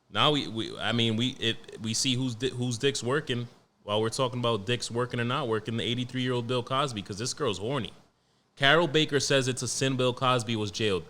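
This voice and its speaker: A young man hosting a solo podcast, talking in a blunt, profane, joking way and reading news out loud. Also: mid-range voice. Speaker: podcast host. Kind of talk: casual solo podcast monologue.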